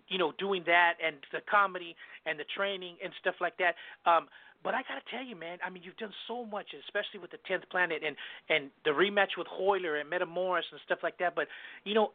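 A high-voiced man hosts a radio show at a quick clip and laughs often. His voice sounds dry and tinny, like a phone line. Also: no room sound. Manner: fast, excitable, laughs often. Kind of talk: casual radio chat.

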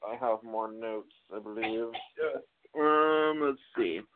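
A man's voice: fairly low pitch, slow pace, noisy background. Chatty man on a tinny line. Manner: loose, chatty, thinks out loud. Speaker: podcast co-host. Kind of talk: casual TV review chat. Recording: tinny phone-like audio.

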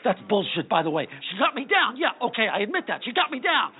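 A man's voice: very high voice, sing-song, fast talker, husky, heavily acted. An actor playing a cranky, argumentative middle-aged man who bickers petulantly in a sitcom. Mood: indignant. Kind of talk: sitcom acting. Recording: thin phone-like sound.

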